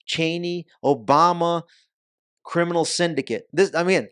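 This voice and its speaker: Podcast guest: man, slightly high voice, punchy and emphatic, dry close sound. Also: unhurried, fairly bright tone, smooth, no echo. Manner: emphatic, punchy delivery with mocking nicknames. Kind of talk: casual interview talk.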